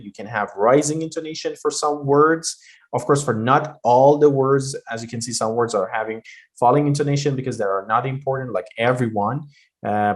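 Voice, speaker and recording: A man teaching English pronunciation, explaining intonation in loose everyday talk with many fillers and spoken examples. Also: medium pitch.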